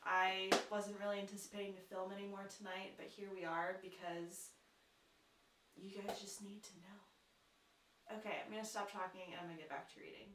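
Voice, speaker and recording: A woman's voice: medium pitch, level tone, brisk, background noise. Chatty woman vlogging in an echoey room. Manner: gushing, exasperated and chatty, with many "like"s. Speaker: book vlogger. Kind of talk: casual chat to camera. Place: living room at home, on the couch. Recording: echoey room, mic at a distance.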